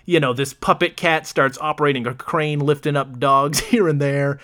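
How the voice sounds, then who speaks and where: A man's voice: fairly high pitch, steady tone, moderate pace, pushed and bright. A man co-hosting a podcast, casually retelling a movie's plot and laughing often as he goes. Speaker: podcast co-host. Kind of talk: casual movie recap chat.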